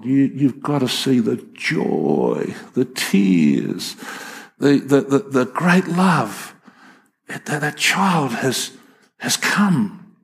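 Husky older preacher man. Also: mid-range voice. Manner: folksy, emphatic storytelling with frequent restarts. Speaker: pastor. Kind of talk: sermon.

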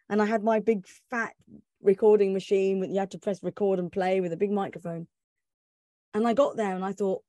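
Lively woman telling a story. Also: medium pitch, brisk, no room sound, studio quality. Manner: lively storytelling with laughs and acted-out quotes. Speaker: former radio reporter telling a story. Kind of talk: animated personal anecdote.

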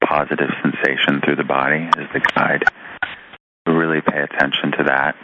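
A man slowly and gently guiding a group through breathing and body-awareness exercises over a conference call line. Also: a bass voice, level tone. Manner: soft, slow, gentle guidance with long pauses. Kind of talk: slow guided relaxation instruction. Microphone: phone or conference call line. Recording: dull lo-fi conference call line with faint hiss.

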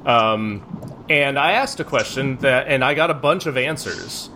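A man's voice: mid-range voice, a little slow, pushed and bright, slight background noise. A man co-hosting a podcast, chatting casually in a rambling, jokey way and often breaking off mid-thought. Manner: rambling, self-interrupting, jokey. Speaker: podcast co-host. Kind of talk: casual chat.

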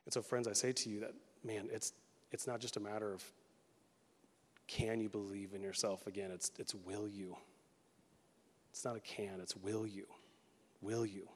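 A man in his thirties preaching a sermon as pastor, casual and animated, slipping into quick acted quotes. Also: on the low side. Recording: long reverb of a large hall.

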